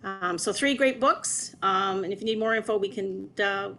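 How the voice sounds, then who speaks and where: A woman's voice: medium pitch, normal speed, pushed and bright, slight background noise. A woman hosting an online meetup introduces the speaker in a friendly, slightly flustered way, with fillers. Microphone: online call audio.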